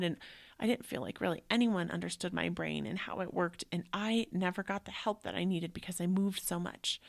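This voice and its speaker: A woman in her thirties shares a personal story in a loose, emotional way and keeps slipping in "like." Her lowish voice often drops into a gravelly fry. She talks as a casual host, not from a script. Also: no echo, studio quality. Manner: emotional, rambling, frequent "like" fillers. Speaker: yoga teacher and show host.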